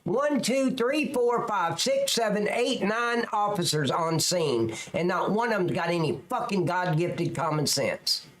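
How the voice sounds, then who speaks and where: Scornful swearing male commentator with lively pitch. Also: measured pace, hardly any pauses. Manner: sarcastic, scornful, swears constantly. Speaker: commentator reacting to police footage. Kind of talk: profane video commentary.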